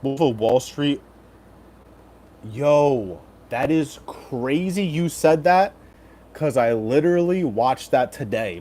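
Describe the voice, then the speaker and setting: A man's voice: mid-range voice, slow, dark tone. A man in his thirties streaming casually, joking and swearing as he reads chat aloud and talks over fight picks. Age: 30s.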